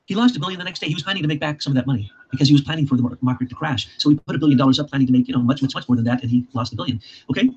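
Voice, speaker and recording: A man with an Ozark accent hosting a casual talk show, insistent and quick, piling up lists. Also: mid-range voice, a little hiss or hum. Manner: rapid, insistent, piles up lists. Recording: muffled lo-fi recording.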